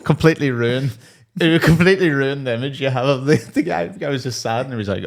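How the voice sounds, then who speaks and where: A man's voice: medium pitch, quick pace, vocal fry. A young adult man co-hosting a comedy podcast, riffing casually and laughing often between jokes. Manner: jokey, laughs often, acts out quotes. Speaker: podcast co-host and stand-up comic.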